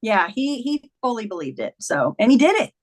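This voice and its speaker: A middle-aged woman with a fairly high voice tells a personal story in an interview. She is earnest and animated, and she acts out the lines of the people in her story as she goes. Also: brisk. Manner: earnest, animated retelling with quoted dialogue. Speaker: guest, memoir author. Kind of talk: conversational storytelling.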